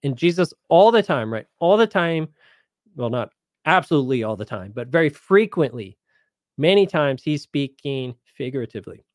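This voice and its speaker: A man's voice: a little high, big pitch swings, normal speed, no echo, clean studio sound. A man hosting a live Bible question show, explaining verses in a casual, conversational way and paraphrasing scripture in everyday speech. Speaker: Bible teacher host.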